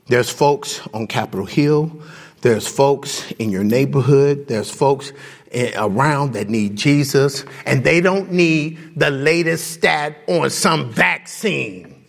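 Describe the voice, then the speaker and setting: Raspy, lively-voiced preacher man. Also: on the high side. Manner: impassioned preaching, rhetorical questions, chuckles between points; conversational, addresses the congregation directly. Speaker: pastor. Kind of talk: sermon.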